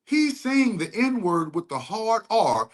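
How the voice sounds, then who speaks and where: A man's voice: sits high, very animated, takes it slowly. A young adult man giving heated, rambling commentary full of profane street slang. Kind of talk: ranting commentary.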